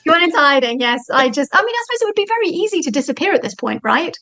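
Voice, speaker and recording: A woman talking as the guest author in an interview, animated and thinking aloud with frequent fillers. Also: sits high, very fast, rough recording. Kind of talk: conversational interview.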